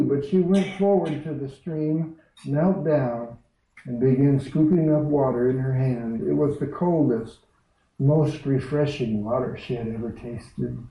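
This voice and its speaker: A man preaching a sermon in a church, talking in an unhurried, conversational way and reading a story aloud. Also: medium pitch, dark tone. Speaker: pastor. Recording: echoey hall, distant dull mic.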